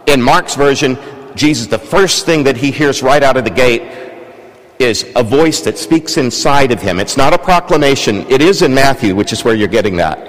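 In a large church, a man preaches casually, pulling the congregation in with questions. His mid-range voice is animated at a moderate pace, with long church reverb.

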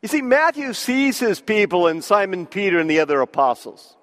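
A man preaching a sermon, slow and deliberate with emphatic pauses. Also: high voice, big pitch swings, fairly bright tone, in a large hall.

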